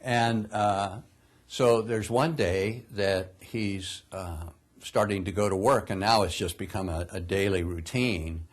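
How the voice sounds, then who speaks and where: An older male pastor narrates a film's plot to his congregation as part of a sermon. His voice sits a little low, and he tells the story in an easygoing way, chuckling at his own slips. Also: slow. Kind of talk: sermon retelling a film plot.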